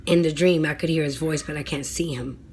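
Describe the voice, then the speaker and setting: A vlogger with a slightly low voice tells her viewers about a personal experience in a chatty, earnest, somewhat dramatic storytime monologue. She keeps saying "you know" and "right?" and drops to a hushed near-whisper at the grim parts. Her tone is steady and brisk, with a little hiss or hum in the background.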